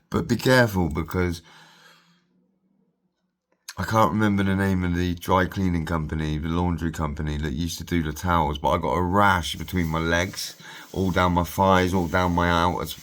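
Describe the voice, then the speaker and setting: A man's voice: sits low, steady tone, moderate pace, a bit bright. A man telling a rambling personal story, swearing freely and repeating himself. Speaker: vlogger.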